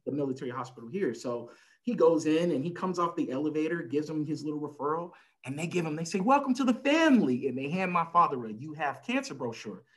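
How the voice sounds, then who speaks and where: Man telling a lively family story. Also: fairly high pitch, fast, low-quality recording. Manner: animated storyteller who acts out family members' lines; frequent "you know" fillers. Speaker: podcast guest, family caregiver. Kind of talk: conversational storytelling. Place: lives in El Paso, Texas.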